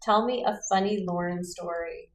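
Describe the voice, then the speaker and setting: A woman's voice: fairly low pitch, moderate pace. A woman hosting a podcast who teases her guests and presses them for stories. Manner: teasing, prodding the guests. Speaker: host. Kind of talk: casual podcast chat. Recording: roomy with faint background noise.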